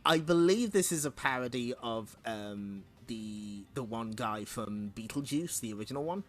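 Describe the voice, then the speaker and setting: A man's voice: mid-range voice, lively intonation, normal speed, hardly any pauses. Chatty man hosting a comic read-along. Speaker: streamer host.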